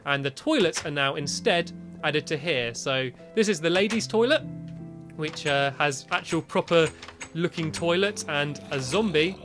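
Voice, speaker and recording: A man's voice: measured pace, fairly bright tone. Chatty British man narrating his game. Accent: British English. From Britain. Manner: chatty, breaks into high panicked yelps. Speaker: gaming video creator. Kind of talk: casual game commentary. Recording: faint music behind.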